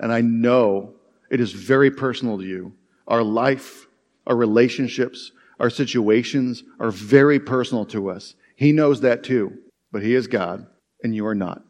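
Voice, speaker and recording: A man's voice: medium pitch, darkish tone. A man preaching a sermon as pastor, earnest and conversational, often repeating his phrases for emphasis. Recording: long hall reverb.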